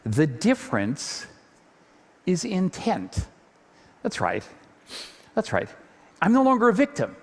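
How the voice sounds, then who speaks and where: A man speaks from a large auditorium stage with a lively, swooping delivery. His voice sits a touch high, and he often repeats words as he gets going. The sound carries a long hall reverb. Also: slow pace, pauses often. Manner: animated, repeats words when getting going. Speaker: speaker giving a stage talk.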